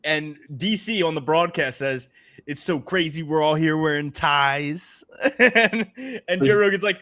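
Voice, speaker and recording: A man's voice: on the high side, a little slow, bright, forceful tone. A man from Philadelphia co-hosting a casual sports podcast, ranting animatedly and swearing. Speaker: podcast co-host.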